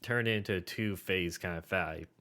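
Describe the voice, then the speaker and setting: Low-voiced male co-host, casual and rambling. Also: moderate pace, sharp tone. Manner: rambling, filler-heavy, trailing off. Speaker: podcast co-host. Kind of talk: casual brainstorming chat.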